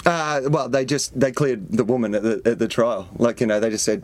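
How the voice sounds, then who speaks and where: A man's voice: medium pitch, fairly quick, a little mellow. A man from Australia with an Australian accent, telling dry, rambling stories as a guest in a casual comedy chat.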